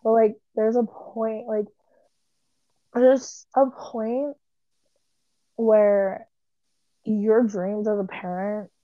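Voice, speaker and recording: A woman's voice: on the high side, level tone, extremely slow, long pauses, no echo. A young woman in casual chat about a movie, rambling emotionally and filling her talk with "like". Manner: rambling, heavy use of "like", emotional. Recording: dull lo-fi sound.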